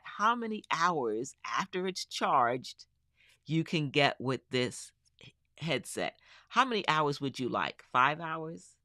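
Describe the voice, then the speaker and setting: A gear demo host on a live stream who is plainly excited and repeats words for emphasis, talking slowly through each step. The voice is bright and a little sharp. It is picked up close on a studio microphone in a dry room. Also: medium pitch, no echo. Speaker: tech reviewer for teachers. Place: home kitchen table.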